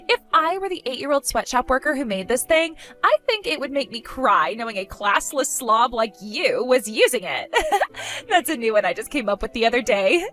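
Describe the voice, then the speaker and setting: A woman's voice: sits high, bright, forceful tone, heavily acted. A woman voicing a spoiled, vain young woman who gloats, insults and giggles in a text-story skit. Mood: taunting.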